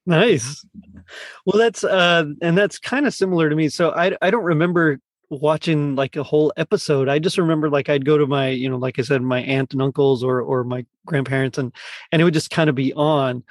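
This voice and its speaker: A man's voice: a little high, steady tone, fairly quick, no echo, clean studio sound. A man hosting a casual podcast chat, rambling with many fillers and restarts. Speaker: podcast host.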